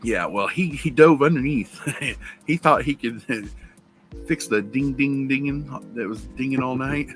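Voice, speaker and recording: A man's voice: medium pitch, measured pace. Man, rambling, chuckling storyteller, faint music behind. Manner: rambling storyteller, laughs at his own stories. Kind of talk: casual chat.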